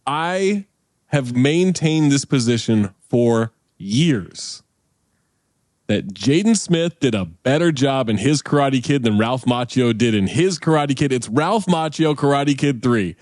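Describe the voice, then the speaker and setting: A man's voice: medium pitch, lively intonation, takes it slowly, a little mellow, no echo. A man co-hosting a casual movie podcast, with a voice that swings up and down as he jokes. He laughs easily and swears freely. The sound is close and dry. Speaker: podcast co-host.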